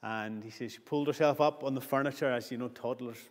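A man's voice: mid-range voice, fairly even intonation, quick pace. Earnest preacher man in an echoing church. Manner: earnest, builds with repeated phrases. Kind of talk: sermon. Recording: long church reverb.

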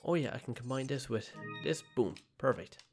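A man's voice: medium pitch, moderate pace, over music. A male gaming host talks through his horror game run from home. His commentary is casual and self-mocking, in a mid-range voice. The sound comes through a desk mic. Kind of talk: let's play commentary. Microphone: desk mic with webcam.

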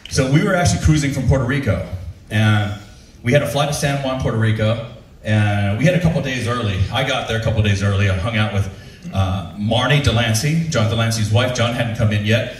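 A man telling a comic story to a live audience, animated and self-deprecating, laughing as he goes. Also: medium pitch, brisk, echoey room, far from the mic, slight background noise. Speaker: stand-up storyteller, show host. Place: shipboard show venue.

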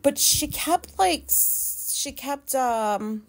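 Woman, podcast host, fairly high voice, swearing, rambling, animated rant. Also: extremely slow. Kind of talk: solo storytelling rant.

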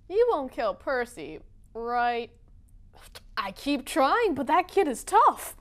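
A young woman hosting a comedy video, reading tweets aloud in quick playful voices with a sassy, dramatic delivery. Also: sits high, big pitch swings, fairly bright tone. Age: young adult. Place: Boston.

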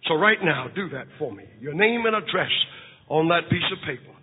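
A pastor preaching a dramatic sermon to a large auditorium, retelling a story with shouting, crying and sudden hushed passages. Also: male voice, a little high, expressive, normal speed, slightly rough. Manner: shouting, crying delivery with big swings from hushed to loud. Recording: tinny lo-fi recording in a reverberant hall.

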